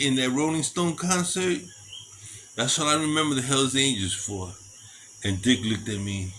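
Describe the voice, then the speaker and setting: A man telling a rambling personal story in a casual, animated way and acting out other people's lines, outdoors at night with crickets behind him. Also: medium pitch, measured pace, a little hiss or hum.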